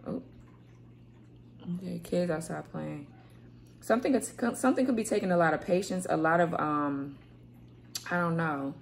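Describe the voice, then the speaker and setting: A woman's voice: fairly low pitch, moderate pace, creaky, pauses often, slight background noise. A woman reading tarot cards to camera in a loose, rambling way, repeating words and swearing casually. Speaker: tarot reader. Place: home room, kids heard playing outside.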